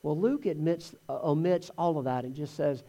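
A man giving a conversational sermon, telling the Gospel story in an animated way. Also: on the high side, normal speed. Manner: animated storytelling, acts out voices in quotes. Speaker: preacher teaching from the Gospels.

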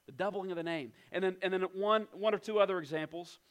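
A man preaching a sermon as pastor, emphatic, slowing down and dropping to a hush on key points. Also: sits high. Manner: emphatic, slows down and drops to a hush for weight. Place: church in West Virginia.

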